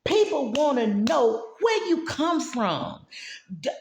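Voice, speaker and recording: Gravelly, preachy woman in an echoey room. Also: high-pitched, sing-song, slow pace, darkish tone, slight background noise. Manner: preachy, emphatic, addresses listeners directly. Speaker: mental health advocate. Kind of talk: motivational talk to camera.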